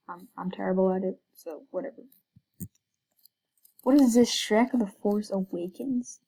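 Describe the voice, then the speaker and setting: A woman's voice: mid-range voice, measured pace, long pauses, dark tone, breathy edge, poor audio. A woman giving hesitant, casual commentary while playing a video game, full of fillers and whispered asides. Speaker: gaming video creator.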